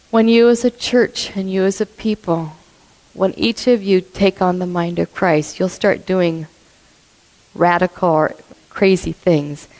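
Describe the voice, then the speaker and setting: A woman telling a story in a sermon, blunt and animated, acting out what people said. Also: on the low side. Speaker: church speaker. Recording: long reverb of a hall.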